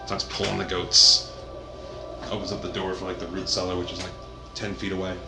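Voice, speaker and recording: A man's voice: sits low, monotone, a little fast, creaky. A man narrating as game master in a casual, rambling way with many fillers. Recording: echoey room with music behind.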